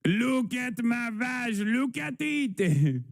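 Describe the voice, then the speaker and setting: A man's voice: extremely high pitch, sing-song, very slow, no room sound, pitched above the performer's own voice, heavily acted. A man voicing a haughty, indignant older French woman in an exaggerated mock French accent, drawn out and mocking.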